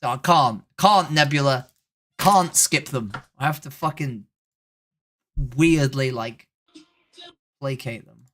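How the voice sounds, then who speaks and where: A young adult streamer in casual livestream chat, talking to strangers and to viewers in turn. The voice sits at an ordinary middle pitch. The delivery is blunt and wry, with frequent swearing. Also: slow pace, long pauses, fairly bright tone, slight background noise. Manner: blunt, swears freely, wry running commentary. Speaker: livestreamer on a random video chat site.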